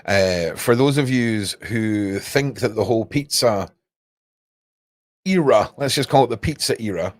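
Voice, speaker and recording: A man's voice: lowish voice, expressive, unhurried, no echo. A young man hosting a livestream, rambling casually and talking straight to his chat viewers. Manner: rambling, cryptic, chats to viewers. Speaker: livestream host.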